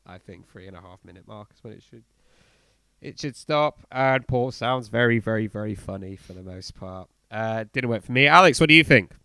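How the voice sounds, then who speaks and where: A man with a smooth, clean voice chats about music on a podcast, animated and blunt, tripping over his words with fillers and restarts. The sound is close and dry, with no room around it. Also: on the low side, moderate pace, no echo. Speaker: podcast co-host. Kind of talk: casual album review chat.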